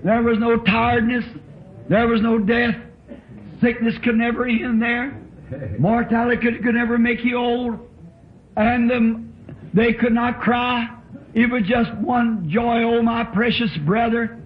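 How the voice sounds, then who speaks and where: A man's voice: extremely high pitch, level tone, a little slow, slight background noise. A man preaching a sermon in a church, telling his story with fervent emotion. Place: church tabernacle. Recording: dull lo-fi old tape recording.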